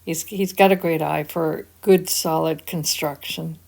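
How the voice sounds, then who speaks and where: An older woman with a slightly low voice speaks in a reflective, encouraging tone. She narrates her own vlog, earnest and motivational. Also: steady tone, a little slow, creaky, a little mellow. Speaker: vlogger.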